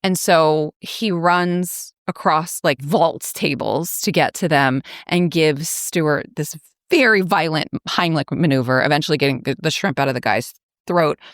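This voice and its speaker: A woman's voice: low voice, measured pace, dry recording, studio quality. A woman podcast host casually recapping a plot, chatty and filler-heavy, with wry asides.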